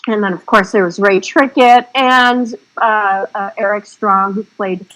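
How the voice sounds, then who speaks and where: A woman's voice: mid-range voice, steady tone, a little slow, fairly bright tone, poor audio. A woman guest on an interview podcast, chatting casually and rambling through her stories. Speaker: guest filmmaker.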